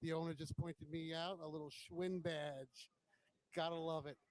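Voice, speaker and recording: Male host, slightly high voice, casual admiring walkaround banter. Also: level tone, normal speed, no room sound, poor audio. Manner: chatty, admiring, joking.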